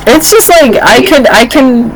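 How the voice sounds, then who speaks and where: A woman's voice: high-pitched, unhurried, a little hiss or hum, poor audio. A woman in her forties co-hosting a casual chat, telling stories and acting out what others said. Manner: animated storyteller, acts out quotes. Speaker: podcast co-host.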